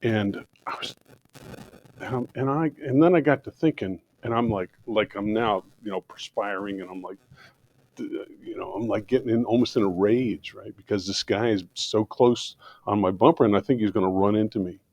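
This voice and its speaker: A man's voice: on the low side, moderate pace, darkish tone, no room sound, lo-fi sound. A man from the congregation telling a personal story animatedly, with restarts and asides. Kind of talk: personal story shared aloud.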